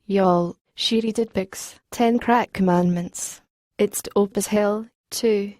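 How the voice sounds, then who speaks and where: A woman's voice: medium pitch, fairly even intonation, slow, darkish tone, no room sound, clean studio sound, natural voice. A woman voicing a hot-tempered young aunt in a gang, talking brash, hyped street slang.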